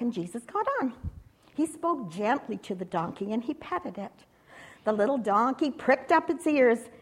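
A woman leading children in prayer and an acted-out story, animated and encouraging. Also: a little high, slightly rough. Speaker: children's church leader.

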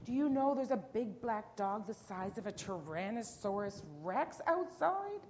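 A startled young girl in a storybook, asking anxious questions in a high, stretched voice, as a woman acts her. Faint noise hums under the reading. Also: animated, moderate pace, darkish tone. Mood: alarmed. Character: alarmed young girl, older sister.

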